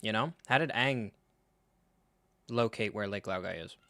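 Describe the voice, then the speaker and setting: A man hosting a live reaction stream, talking in an animated, sarcastic way, swearing freely and acting out scenes. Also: on the low side, a little slow, no echo. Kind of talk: casual live reaction commentary.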